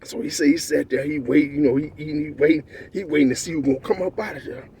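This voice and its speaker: A man from Texas with a Texan accent, telling a story in animated, profane street slang and often checking in with his listener. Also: on the high side, fast talker, a little hiss or hum. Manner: animated, profane street slang, repeats "you know what I'm saying". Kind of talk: casual storytelling.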